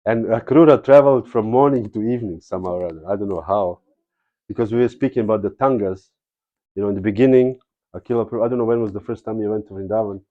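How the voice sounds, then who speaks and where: A man's voice: on the low side, fast talker, phone-quality sound. A man giving a spiritual lecture, telling stories in a casual, digressive way and often adding "you know". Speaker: spiritual teacher. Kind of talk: devotional lecture with storytelling.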